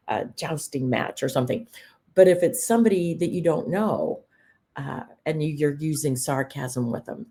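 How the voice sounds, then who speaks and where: Low-voiced woman explaining thoughtfully. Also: darkish tone. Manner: thoughtful, explanatory, with fillers and restarts. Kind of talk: conversational discussion.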